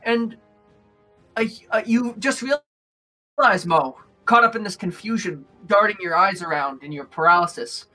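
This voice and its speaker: A man narrating as game master of a tabletop game, describing scenes with frequent pauses. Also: high voice, sharp tone, faint music behind. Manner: descriptive, hesitant with fillers.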